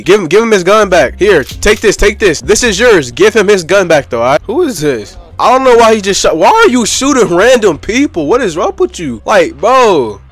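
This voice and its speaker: An excitable young man talks through his gameplay in a slightly raised voice, full of street slang as he banters with other players. Faint music plays underneath. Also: fairly high pitch. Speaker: gaming YouTuber. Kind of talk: gameplay commentary and voice chat.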